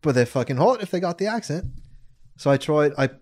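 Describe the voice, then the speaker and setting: A man's voice: on the high side, animated, fairly quick, a little mellow. A young man co-hosting a podcast, telling a crude story with self-mocking jokes and frequent laughter. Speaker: podcast co-host. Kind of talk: casual storytelling chat.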